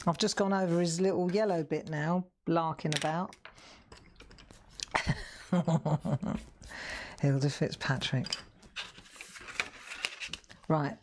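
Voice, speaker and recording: A woman hosting a live craft show, chatting as she colours. She has a fairly low voice, and she rambles through stories with easy, informal asides. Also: darkish tone, a little hiss or hum. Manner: rambling, chatty storytelling with laughs. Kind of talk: casual live-stream chat while colouring.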